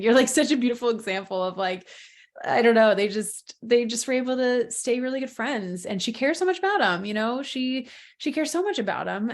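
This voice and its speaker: A young adult woman hosting her podcast, talking candidly and reflectively with many fillers and restarts. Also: mid-range voice. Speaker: podcast host. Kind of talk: candid personal podcast monologue.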